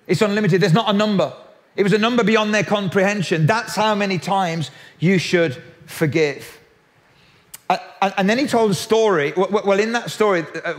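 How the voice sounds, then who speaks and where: A man preaching a sermon in a lively, jokey way, often restarting his sentences. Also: sits high. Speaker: pastor.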